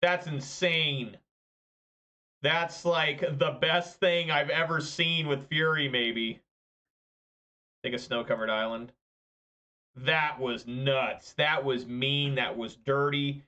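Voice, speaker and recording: A man casually commentating his own card game matches, muttering through quiet turns and getting loud and excited at big plays. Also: medium pitch, slow, long pauses, dull audio. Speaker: gameplay commentator.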